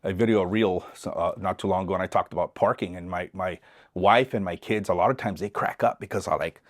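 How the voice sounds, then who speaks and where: A middle-aged man from East Los Angeles speaks with a fairly low voice as a podcast guest. He tells a story with lots of energy and acts out the other people's voices. He often repeats and restarts his words as he goes. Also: fast talker. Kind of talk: casual storytelling interview.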